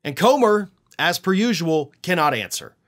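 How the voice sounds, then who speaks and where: A male political commentator speaking in a fairly high voice that leaps up and down with emphasis. His delivery is indignant and sarcastic, full of scorn. It comes across as a solo commentary monologue. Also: very animated, moderate pace, fairly bright tone.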